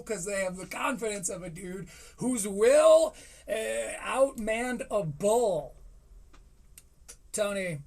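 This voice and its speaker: A man from Michigan giving casual, joking live-stream commentary on a comedy special, swearing freely between quick asides. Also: sits high. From Michigan, USA. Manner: profane, joking, fast asides.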